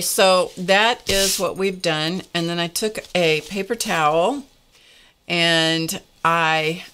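A woman's voice: on the low side, fairly bright tone. An older woman hosting a casual art lesson, chatty and confessional, laughing often as she talks to her viewers. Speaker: art class host.

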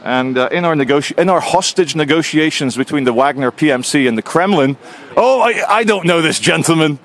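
Man, vlogger, outdoors in town, handheld camera, calm, sardonic, unbothered, somewhat high voice. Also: a little fast. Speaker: vlogger filming in public. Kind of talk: casual on-camera commentary. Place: outdoors on a city street.

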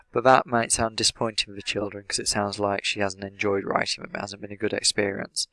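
A man with an English accent, an English teacher explaining the language of an interview in a measured way, with many "sort of" fillers. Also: on the low side, flat delivery, fairly bright tone, no echo. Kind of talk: explanatory lesson analysing an interview.

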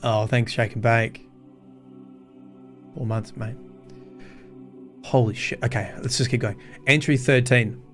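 A man's voice: mid-range voice, fairly even intonation, slow, pauses often, soft background music. A man reading game lore aloud on a stream, breaking off to swear and think aloud in casual chat.

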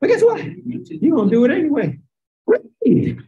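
Woman, Chicago accent, Bible class teacher, lively pitch, video-call audio, asks the class questions, rises to shouting. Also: highs cut off. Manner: call-and-response questioning, drawn-out emphasis, rising to shouts.

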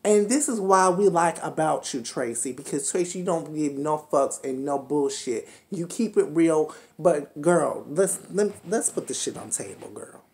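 Speaking in a deep, slightly mellow voice with lively intonation, she keeps a moderate pace and barely pauses. Her ranting reality-show recap is full of profanity, and she scolds the cast directly as though they could hear.

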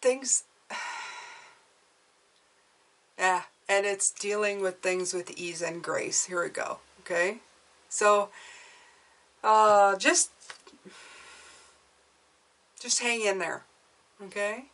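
A woman's voice: mid-range voice, steady tone, slow pace, fairly bright tone, far from the mic, rough recording. A woman giving an intuitive tarot reading to viewers, chatty and encouraging, often checking in with "okay?". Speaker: tarot reader.

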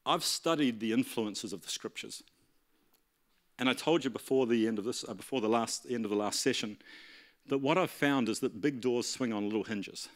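A man preaching in a church, telling a story animatedly and acting out the dialogue. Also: medium pitch. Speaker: pastor. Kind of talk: storytelling sermon.

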